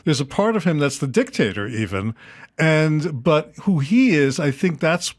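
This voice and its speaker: A man's voice: on the high side, sing-song, moderate pace, no echo. An older man, a writer and director, talking as a guest in thoughtful, searching, reflective interview chat. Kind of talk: casual interview talk.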